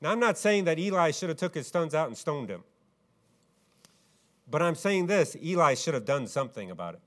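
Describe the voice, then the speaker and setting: Male preacher, fairly high voice, rhetorical questions, loud emphatic bursts and quiet low passages. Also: very animated, fairly quick. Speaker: pastor. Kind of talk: sermon.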